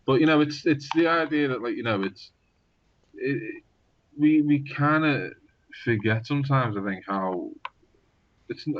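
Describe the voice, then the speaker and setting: A man's voice: lowish voice, dry recording, lo-fi sound. A man with a Scouse accent, a novelist rambling in a casual podcast chat with many fillers and restarts.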